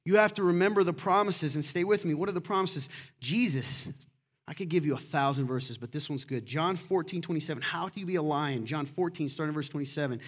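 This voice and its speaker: A middle-aged man preaching a sermon as pastor, lively and acting out quoted voices. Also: fairly high pitch, a little fast.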